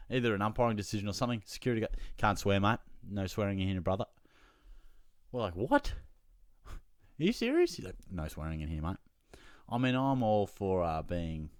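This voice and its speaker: On his own fantasy football show, a young Australian man with a lowish voice tells an animated, casual story about his weekend, swearing freely. The audio is clean studio sound with no room ambience.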